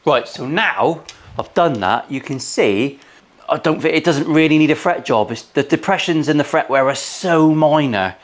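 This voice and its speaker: An English luthier in his forties gives casual commentary in his guitar workshop, peppered with cheeky, crude, sweary asides. His voice is a little high and animated, at a normal speed.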